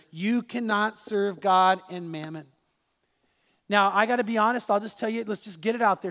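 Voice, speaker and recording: Emphatic high-voiced pastor preaching. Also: male voice, a bit bright, long reverb tail. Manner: emphatic, rhetorical questions to the congregation. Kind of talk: sermon.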